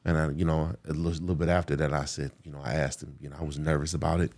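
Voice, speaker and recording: A man in his forties from the United States, telling a personal story in an earnest, halting way and near tears. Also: a bass voice, level tone, darkish tone. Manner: earnest, halting, many fillers and restarts. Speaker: guest.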